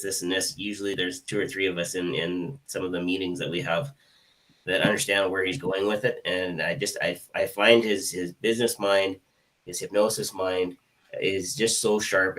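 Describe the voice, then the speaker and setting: A man with a Canadian accent, co-hosting a live online hypnosis show, joking and then speaking earnestly and warmly about a colleague. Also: sits low. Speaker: co-host hypnotist. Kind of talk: casual live-stream chat. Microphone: video call mic set back from the speaker. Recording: distant mic.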